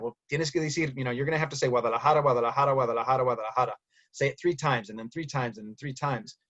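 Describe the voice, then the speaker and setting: A man talks through his own story in a thoughtful monologue, checking in with listeners by tagging "right?" onto his points. His voice sits at an everyday middle pitch. The recording is slightly muffled and lo-fi. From United States. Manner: thoughtful, frequent "right?" and "you know" tags. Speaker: speaker recounting his language history. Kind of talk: reflective personal monologue.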